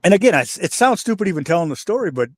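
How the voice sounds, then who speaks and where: An older retired pro wrestler, guesting on a casual interview, shares backstage stories in a relaxed, chatty, rapid-fire way with a fairly high voice. He mimics the people he quotes and swears freely, recorded close and dry with no room sound or echo.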